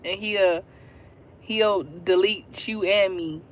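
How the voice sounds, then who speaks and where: A woman's voice: medium pitch, fairly even intonation, slow. A woman in her twenties, chatting casually on a livestream and telling her viewers a story. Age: 20s. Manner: chatty, talks straight to viewers. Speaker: livestream host.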